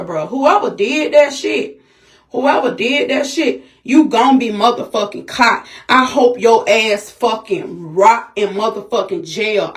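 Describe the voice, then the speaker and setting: A woman venting to her vlog viewers in an agitated, profane, repetitive rant, shaken and upset. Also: on the high side. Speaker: vlogger.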